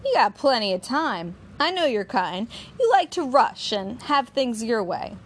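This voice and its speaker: A woman's voice: a little high, very animated, measured pace, pitched above the performer's own voice. A suspicious male investigator, voiced by a woman narrating a novel. He asks blunt, taunting questions. The voice stays close to her plain reading tone. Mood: interrogating.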